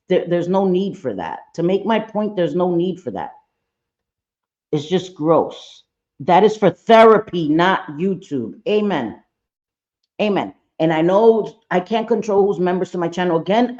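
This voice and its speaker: A woman livestream commentator reacts casually and talks straight to her chat, bluntly and with plenty of profanity. Her voice is fairly low and darkish, and the high frequencies are cut off.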